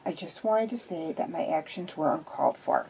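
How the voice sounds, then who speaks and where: A woman voicing a quiet, apologetic man with a headache in a fan fiction reading. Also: medium pitch, lively intonation, fairly quick, creaky, a little hiss or hum, low-quality recording. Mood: remorseful. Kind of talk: fan fiction read aloud.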